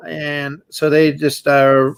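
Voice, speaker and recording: A man's voice: a little high, monotone, takes it slowly, gravelly, smooth. A man hosting a casual live stream, rambling with fillers as he reads out quiz answers. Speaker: show host.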